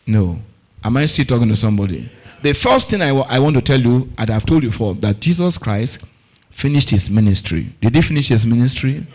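This man's voice is medium-pitched with a darkish tone, expressive and brisk. Delivering a fervent sermon, he questions the congregation call-and-response style about whether they're following and repeats key words for emphasis.

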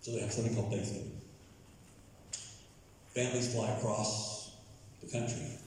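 A man's voice: on the low side, fairly even intonation, moderate pace, darkish tone, a little hiss or hum. A man from the United States preaching a sermon, telling the story dramatically and acting out the characters. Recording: echoey hall from far off.

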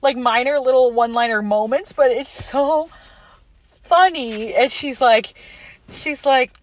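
A young adult woman casually recapping a movie scene by scene, in a chatty, animated way with plenty of fillers. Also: sits high, a little slow, dry recording.

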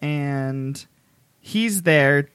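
A man co-hosting a podcast who recaps with real enthusiasm, his voice slightly higher than most men's. He talks in loose, casual stretches, and the sound is close and dry. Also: extremely slow, fairly bright tone, clear, resonant tone, dry recording. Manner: enthusiastic recapping, fillers and restarts. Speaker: podcast co-host. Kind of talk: casual chat.

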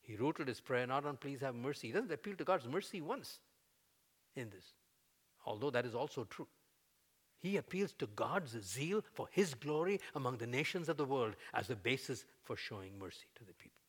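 A man preaching a sermon, conversational with fillers, building to loud, emphatic peaks as he voices prayers. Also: medium pitch, animated, moderate pace, breathy edge. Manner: fillers and restarts, conversational teaching.

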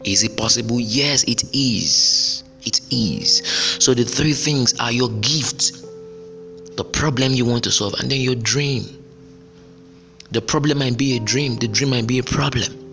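Bright-toned man giving motivational advice. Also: medium pitch, moderate pace, gravelly, big-room sound, soft background music. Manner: repetitive, emphatic, preacher-like. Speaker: podcast host. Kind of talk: motivational solo podcast.

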